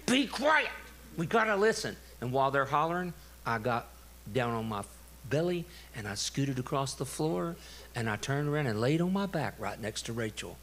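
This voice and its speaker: A middle-aged man, a pastor telling a story in a sermon, animated and laughing. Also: mid-range voice, normal speed, a little hiss or hum. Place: church.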